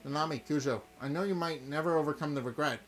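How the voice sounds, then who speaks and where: A man reading a calm student council president. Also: a little high, fast, soft background music, lightly acted. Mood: consoling. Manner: consoling, steady.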